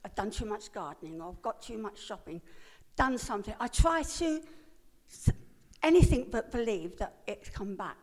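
A woman's voice: medium pitch, animated, moderate pace, a little mellow. An older woman telling her own story as a personal testimony, in an earnest, emotional way. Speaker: speaker giving a personal testimony.

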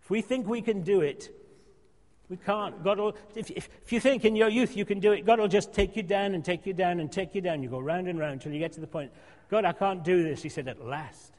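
A man preaching a sermon in a church, emphatic and repetitive, sometimes dropping to a soft hush. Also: high-pitched, brisk. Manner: emphatic, repeats phrases, drops to a soft hush. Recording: long hall reverb.

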